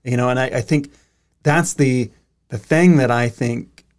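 Male podcast host, mid-pitched voice, earnest, reflective, casual talk. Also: a little slow. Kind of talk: casual conversation.

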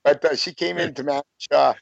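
Gravelly guy in his 50s rambling through old stories, lotta "you know", dull dry lo-fi audio. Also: a little high, steady tone, brisk, no echo. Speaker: guest, former pro wrestler. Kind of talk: casual storytelling interview.

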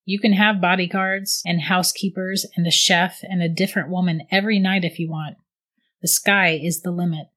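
A woman reading the lines of a tall, persuasive male tempter with a low, gruff voice, close to her own voice. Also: fairly even intonation, moderate pace, a bit bright. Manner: coaxing, persuasive. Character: tall smooth-talking male tempter, devil's recruiter.

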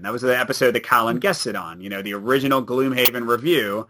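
A man chatting as a podcast guest, animated and laughing often. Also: mid-range voice, quick pace, hardly any pauses. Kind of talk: casual chat.

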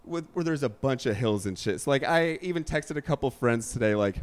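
A young man co-hosting a podcast, chatting casually and telling stories in a joking, lively way. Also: mid-range voice, a little fast. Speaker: podcast co-host. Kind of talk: casual chat.

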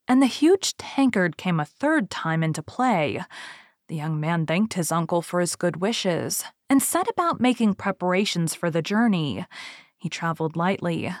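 A woman narrates a storybook in a measured, expressive reading. Her voice sits on the low side, and the recording is close and dry with no room sound. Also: no echo. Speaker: audiobook narrator.

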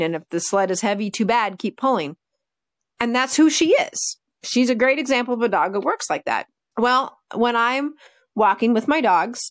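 A woman dog trainer in casual podcast conversation, telling lively stories and acting out her dogs' reactions. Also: mid-range voice.

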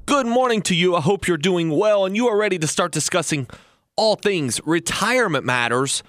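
A man hosting a retirement podcast, talking earnestly and telling a folksy story, slowing down for emphasis. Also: high-pitched, animated, fairly bright tone. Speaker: host and financial planner.

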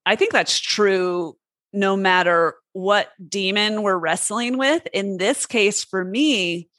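A woman's voice: medium pitch, takes it slowly, fairly bright tone, dry recording. A woman hosting a podcast in casual conversation, candid and self-deprecating, laughing easily. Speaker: podcast host.

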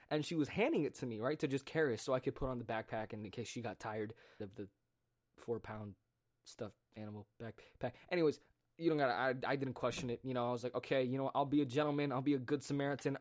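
A man's voice: medium pitch, darkish tone. A young man telling a story in a casual monologue, ranting with sarcastic, profane asides. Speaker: podcast host.

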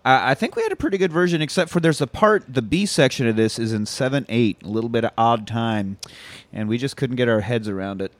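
A man co-hosting a movie rewatch podcast talks in a loose, joking way with plenty of swearing. His voice is pitched in the middle of the male range. It is recorded close and dry, with no room sound. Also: expressive, fast talker, no room sound. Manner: profane, joking, tangent-prone storytelling. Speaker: podcast co-host. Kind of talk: casual movie rewatch chat.

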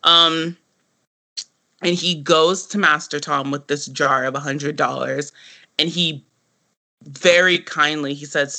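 A man co-hosting a casual podcast discussion, talking in an animated way, full of "like" and quick laughs. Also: on the high side. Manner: animated, heavy use of "like", frequent laughter. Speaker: podcast co-host.

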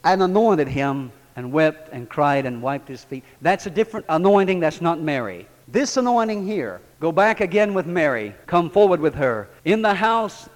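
A man preaching with a high, lively voice that rises and falls all through the sermon. He drops low and quiet, then climbs loud and high. A long reverb from the church hall trails after him.

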